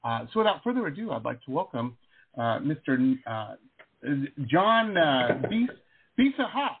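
A man's voice: mid-range voice, sing-song, normal speed, vocal fry, background noise. A man hosting a casual radio talk show interview, enthusiastic and rambling with lots of fillers. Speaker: host. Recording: phone-like radio talk line.

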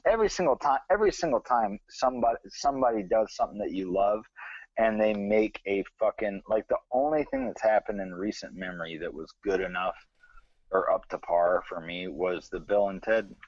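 Low-voiced Southern man rambling casually. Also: a little fast, a little mellow, dry recording, lo-fi sound. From American South. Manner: rambling, profane, many fillers. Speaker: podcast co-host. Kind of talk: casual chat.

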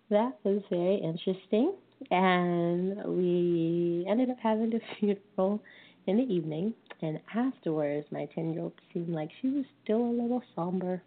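A woman in her thirties, a lay minister giving a dharma talk, telling a family story slowly and gently with wry humor. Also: lowish voice. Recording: tinny phone-like sound.

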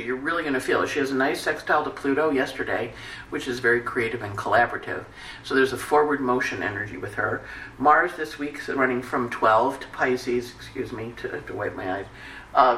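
A woman astrologer gives her weekly forecast in a casual, chatty way, drifting into animated stories and asides. Her voice is bright and forward. She sits a little away from the mic, in a room with a noticeable echo and faint ambient noise. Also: low voice. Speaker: astrologer host. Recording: echoey room, distant mic.

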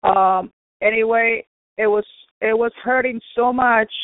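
Woman testifying slowly and earnestly over a thin, dry phone line. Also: on the high side, fairly even intonation, no echo. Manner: earnest, repetitive, addresses brothers and sisters. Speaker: radio program speaker. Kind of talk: personal faith testimony.

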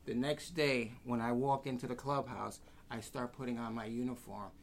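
Animated New male guest, storyteller, slips into other people's voices, faint room noise. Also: medium pitch, normal speed, gravelly. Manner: animated, acts out quoted voices. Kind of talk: casual anecdotes.

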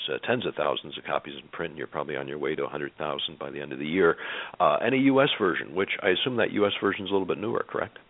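A man hosting a finance radio show, chatting with a guest in a conversational way with many fillers and quick affirmations. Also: very deep voice, vocal fry. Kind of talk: radio interview. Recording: tinny phone-like radio audio.

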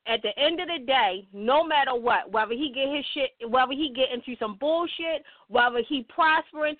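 A woman hosting a casual radio talk show, blunt and profane, telling lively stories. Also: high voice, moderate pace. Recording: dry, tinny phone-like sound.

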